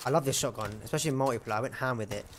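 A man's voice: mid-range voice, racing, noisy background. A young man giving casual, self-mocking gameplay commentary and chatting to the enemies. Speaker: gamer.

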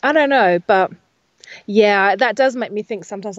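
A woman's voice: mid-range voice, moderate pace, no echo, highs cut off. A woman who works as a voiceover artist and speaking coach, chatting as an interview guest, rambling with lots of fillers and self-corrections. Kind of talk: casual interview chat.

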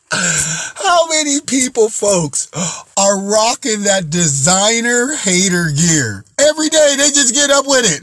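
A cheerful man talks straight to his viewers in a slow, unhurried ramble, breaking into laughter between phrases. His voice sits a little high for a man and sounds close and dry, with no room echo. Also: very animated, a bit bright. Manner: laughs often between phrases, drawn-out and playful; chatty, addresses viewers as guys and folks. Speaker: vlog host. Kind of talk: upbeat motivational monologue.

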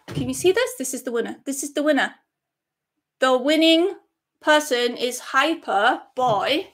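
A high-pitched woman hosts a live stream giveaway, gushing with excitement. She chats casually with viewers and reads their comments aloud as she goes. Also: moderate pace. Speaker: music channel host.

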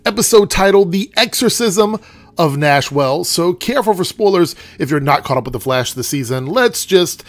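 A man's voice: high voice, lively intonation, normal speed, dry recording. A young man with a congested, nasal voice giving a chatty, rambling TV review full of fillers. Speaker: TV show reviewer. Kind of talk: casual rant and review.

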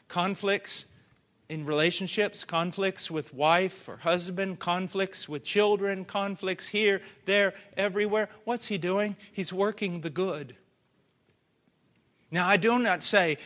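A man preaching a sermon with passion, swinging from hushed earnest tones to loud cries. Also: on the high side, fairly even intonation, a little slow.

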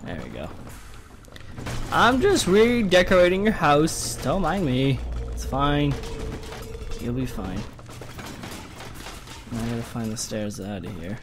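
A young man giving goofy, exclamatory commentary while playing a game, jumping between loud yelps and low mutters. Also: sing-song, slow pace, pauses often, music in the background. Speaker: gamer.

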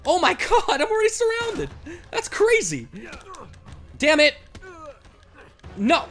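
A man doing let's play commentary, excitable, swinging between yelling and muttering. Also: extremely high pitch, takes it slowly, pauses often. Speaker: gameplay commentator.

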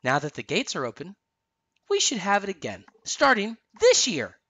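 A woman voicing a calm, fond older-sister queen in a read-aloud storybook, warm and teasing. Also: lowish voice, measured pace, noisy background, voice pushed up.

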